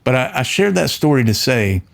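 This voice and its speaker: Middle-aged guy chatting to camera, earnest storyteller, mid-pitched voice, trips over his words a bit. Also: fairly quick, gravelly. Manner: earnest, storytelling, with frequent restarts and animated quoted voices. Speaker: audio engineer and channel host. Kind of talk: casual talk to camera.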